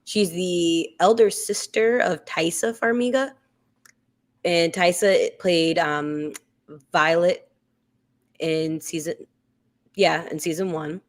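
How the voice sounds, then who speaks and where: A woman's voice: lowish voice, steady tone, slow pace, long pauses. A woman co-hosting a casual live after-show chat, talking loosely with lots of fillers and restarts. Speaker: co-host.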